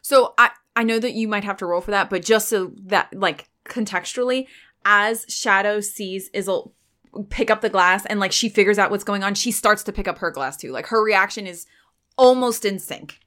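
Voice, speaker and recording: A woman playing a tabletop game, chatting casually and thinking out loud with a wry edge. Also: mid-range voice, normal speed.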